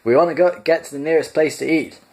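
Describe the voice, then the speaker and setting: Man playing a loud, swaggering storybook space rogue, boastful and pushy. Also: a little high, quick pace, voice pushed up, lightly acted. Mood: cocky. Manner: cocky, loud, self-admiring. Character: brash, boastful male space adventurer.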